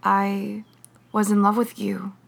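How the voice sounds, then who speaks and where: A woman's voice: mid-range voice, completely flat delivery, takes it slowly, gravelly, exaggerated voice. A woman reading the lines of a wry, confiding young woman in a story. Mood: tender.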